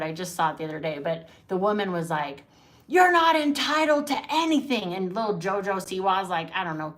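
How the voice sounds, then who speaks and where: A woman who teaches acting, talking casually to camera in a chatty, emphatic way, often checking in with "right?". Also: mid-range voice.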